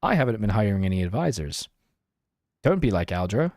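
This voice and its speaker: A man's voice: fairly low pitch, sing-song, fairly quick, a little mellow, no echo. Young man, casual game streamer, self-deprecating chatter, dry booth-like sound. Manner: self-mocking, chatty, reads and answers chat. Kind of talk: casual live-stream gameplay chat.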